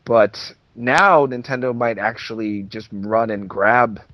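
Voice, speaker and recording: A man co-hosting a podcast, chatting casually and reacting in short relaxed replies. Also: mid-range voice, slow. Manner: relaxed, reactive, brief interjections. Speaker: podcast co-host. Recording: dull dry podcast mic.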